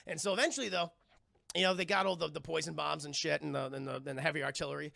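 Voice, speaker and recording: Gravelly, high-voiced male streamer. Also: dry recording, studio quality. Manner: animated, profane, quick voices for characters. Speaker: live streamer and film reviewer. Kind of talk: casual scene-by-scene film retelling.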